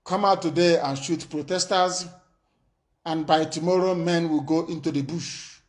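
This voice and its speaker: A man's voice: on the high side, fairly even intonation, normal speed. A man giving an impassioned, defiant political broadcast full of warnings and threats.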